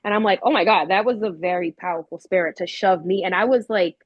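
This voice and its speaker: Woman, casual storyteller with lots of ums, lively quoted voices, dry recording. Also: mid-range voice, quick pace, dry recording, dull audio. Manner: animated, acts out quoted voices with many fillers. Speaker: paranormal investigator.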